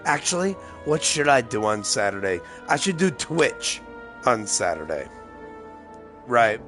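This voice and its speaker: A man's voice: mid-range voice, sing-song, a little slow, a bit bright, faint music behind. Tipsy, rambling male gaming streamer. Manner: rambling, profane, loose. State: tipsy, slightly slurring. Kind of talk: casual gameplay commentary.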